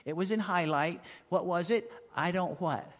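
Storytelling preacher in a reverberant hall. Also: male voice, sits high. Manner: storytelling preacher, rhetorical questions, dramatic pauses. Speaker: pastor. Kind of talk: sermon.

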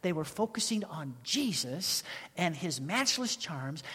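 A man preaching a storytelling sermon to his congregation in an animated way, quizzing the listeners and acting out the people in his stories. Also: fairly high pitch, a little slow, slightly rough. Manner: animated, questions the congregation, acts out quoted voices. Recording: long hall reverb.

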